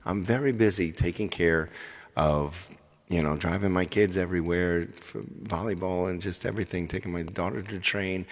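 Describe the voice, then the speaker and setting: A man's voice: low-pitched, steady tone, normal speed, in a large hall. A middle-aged man hosting his own live music show, talking casually and repetitively straight to his viewers. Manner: rambling, repeats himself, addresses folks directly. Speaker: live-stream music show host and singer.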